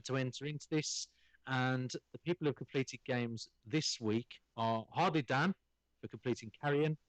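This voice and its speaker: A man's voice: mid-range voice, fairly bright tone, dry recording, low-quality recording. A man co-hosting a gaming podcast, talking in a chatty, rambling way with many fillers. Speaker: podcast co-host. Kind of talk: casual podcast chat.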